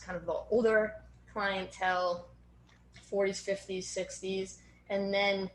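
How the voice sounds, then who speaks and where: A woman in her thirties with a Boston accent, a strength coach talking earnestly as an interview guest, with plenty of fillers. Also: lowish voice. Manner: earnest, organized, frequent fillers. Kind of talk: casual interview conversation. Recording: roomy echo with faint background noise.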